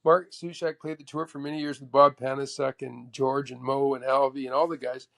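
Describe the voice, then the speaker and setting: A man from Canada, a former tour golfer, telling animated stories in a casual interview. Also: medium pitch, a little fast, creaky. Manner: animated anecdote teller, acts out the voices of others.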